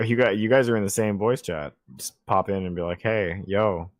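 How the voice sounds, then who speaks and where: Animated jokey guy on voice chat. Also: on the low side, brisk, no echo. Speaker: podcast co-host on voice chat. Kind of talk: casual chat.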